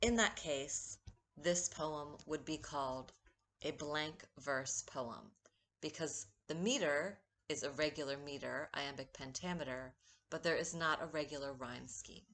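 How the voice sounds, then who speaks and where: Woman poet, low voice, unhurried, steady teaching read of a recorded poetry lesson. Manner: slow, measured, stresses rhythm when reading verse.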